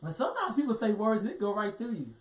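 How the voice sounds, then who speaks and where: A middle-aged woman, co-hosting a casual talk show and telling stories with lively acted-out quotes. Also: mid-range voice, quick pace. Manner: animated storytelling with acted-out quotes. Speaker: co-host. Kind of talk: casual chat. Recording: echoey room, distant mic.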